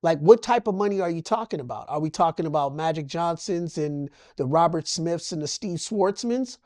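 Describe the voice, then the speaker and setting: A man from Los Angeles, a guest in an emotional personal interview, speaks passionately about his life in preacher-like bursts and repeated phrases. His voice is fairly high, animated, and darkish, at a moderate pace. The recording is dry, with clean studio sound.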